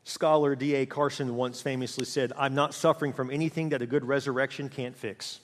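A middle-aged man preaching a sermon as pastor, passionate, with big swings between loud, fast bursts and quiet, slow passages. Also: mid-range voice, fairly even intonation. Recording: hall reverb.

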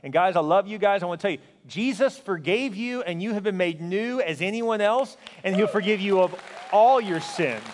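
Preaching at a normal speed, this pastor sounds emphatic and sincere, his voice pitched high for a man, sometimes sinking to a hushed, intense tone. His words echo with the long reverb of a big sanctuary.

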